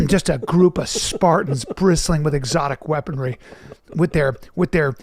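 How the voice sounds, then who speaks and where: A comedian in his fifties telling stories and chatting on a podcast in an animated, profane, self-mocking way. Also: fairly high pitch, measured pace, vocal fry, a little hiss or hum. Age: 50s. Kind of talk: casual chat and storytelling.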